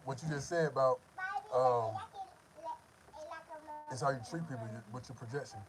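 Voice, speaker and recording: A man hosting a casual chat, telling a lively story and swearing freely. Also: on the high side, noisy background. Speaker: host.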